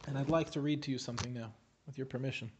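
A man speaking earnestly and reading a long article aloud in a steady, emphatic way. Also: medium pitch, racing, a little hiss or hum. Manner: soft, hushed at first, then a steady, emphatic reading.

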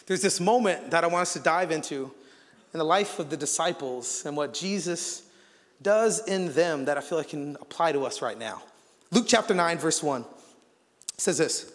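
A man giving a sermon in a church, telling a story in animated fashion, acting out the quotes with frequent fillers. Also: on the high side, normal speed. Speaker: guest preacher. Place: church auditorium. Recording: long hall reverb.

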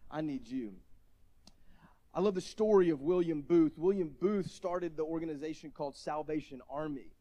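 A man delivering a sermon in a mellow, warm voice. He talks conversationally, tells stories with self-deprecating asides, and rises to loud shouts at the emotional peaks. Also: a little high, moderate pace. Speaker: pastor.

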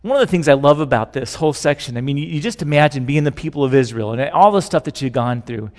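Middle-aged male pastor, slightly high voice, animated conversational sermon, live church hall reverb. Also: quick pace. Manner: conversational, animated preaching with shifting volume. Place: large church sanctuary.

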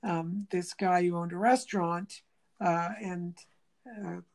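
A woman's voice: fairly low pitch, a little slow. A woman talking casually in an interview, acting out quoted speech as she tells stories and restarting phrases as she thinks aloud. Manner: animated storyteller who acts out quoted speech.

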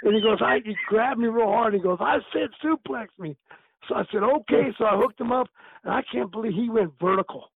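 Here the retired wrestler's voice sits high and comes out fast, creaky and husky. The recording is dry, narrow and tinny as he tells casual stories, laughing a lot and performing the lines other people said with plenty of animation.

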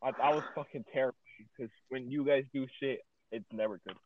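A man chatting casually on a podcast call, cursing often and quick to get frustrated and rant. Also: mid-range voice, fairly even intonation, a little hiss or hum. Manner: cursing, easily frustrated, ranting. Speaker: podcast co-host. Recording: tinny phone-like line.

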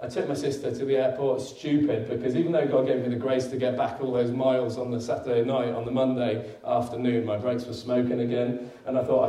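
A man delivers a sermon in a relaxed, storytelling way, with frequent laughs and emphatic peaks. His tone is mellow and warm. He is miked from some distance in a roomy church hall that echoes. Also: mid-range voice, a little fast, hardly any pauses. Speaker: preacher. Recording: echoey room, mic at a distance.

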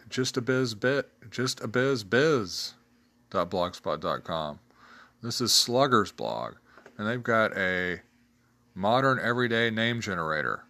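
A man's voice: fairly low pitch, pushed and bright. A man casually hosting a solo talk show, reading tabletop game tables aloud, chatty and laughing at his own jokes. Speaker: host reviewing tabletop game blogs.

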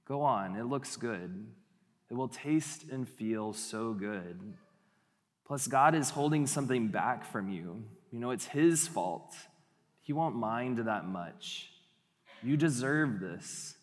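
A man voicing a sly male tempter that speaks in a hushed, slow, wheedling way, with a long hall echo. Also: mid-range voice, animated, pitched below the performer's own voice. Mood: coaxing.

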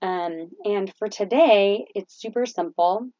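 A woman co-hosting a podcast in a casual faith chat, playful and animated as she tells stories. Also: mid-range voice, slow pace, no echo, dull audio. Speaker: podcast co-host.

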